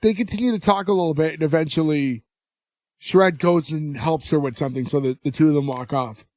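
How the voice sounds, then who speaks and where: A podcast co-host with a fairly high male voice walks through an episode scene by scene. He slips into quick impressions of the characters as he goes. The sound is dry and close. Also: no echo. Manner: animated storyteller acting out dialogue. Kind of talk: casual chat, retelling scenes.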